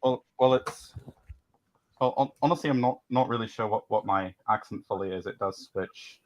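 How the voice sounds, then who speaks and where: A young man with an English accent speaking quietly and uncertainly, heard from off the microphone. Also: fairly low pitch, moderate pace. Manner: quiet, unsure, hedging. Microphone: from off the mic.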